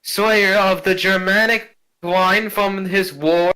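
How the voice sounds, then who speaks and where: A man putting on a shrill, haughty noble ghost lady. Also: fairly even intonation, slow pace, sharp tone, heavily acted, low-quality recording. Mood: proud. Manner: shrill, scolding, imperious. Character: haughty noble ghost woman, ancient great-grandmother, imperious.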